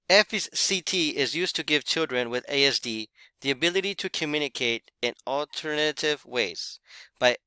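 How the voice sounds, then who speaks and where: A man giving a recorded class presentation, explaining in a measured way with occasional fillers. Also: medium pitch, pushed and bright, smooth, no echo.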